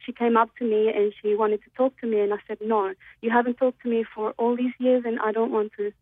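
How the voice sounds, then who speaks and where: Her pitch sits a little high and her delivery is flat and fairly quick as she phones a radio show from Australia. Nervous, she tells her story with many hesitant ums, and the tinny line carries no echo.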